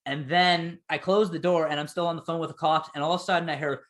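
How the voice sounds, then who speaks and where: A young man with a fairly high voice tells a story in loose podcast talk. He swears freely and acts out what people said in lively voices. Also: fast. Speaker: podcast co-host telling a story. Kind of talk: casual chat.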